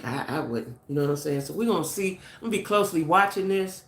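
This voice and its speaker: A woman's voice: deep voice, expressive, fast talker. Chatty middle-aged woman in a roomy space. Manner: chatty, speculative, talks straight to viewers and chat. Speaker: channel host. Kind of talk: casual live-stream gossip chat.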